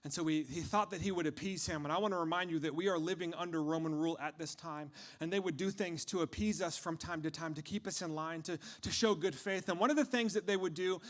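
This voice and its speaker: A man delivering a dramatic first-person storytelling monologue, impassioned, swinging from hushed tones to shouting. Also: on the high side, quick pace, few pauses.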